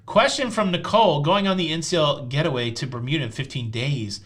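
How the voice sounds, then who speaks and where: Live-stream host: man, Tennessee drawl, fairly high and bright voice, teasing deadpan jokes. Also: a little fast. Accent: Southern US, Tennessee. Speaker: host of a live cruise show. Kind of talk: casual live-stream chat answering viewer questions.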